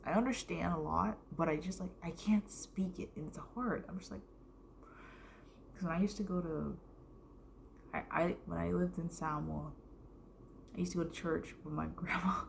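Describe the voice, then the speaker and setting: A woman's voice: on the low side, steady tone, normal speed, gravelly, pauses often, slight background noise. A young American woman telling a casual storytime vlog, rambling with lots of fillers and the odd whispered aside. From United States.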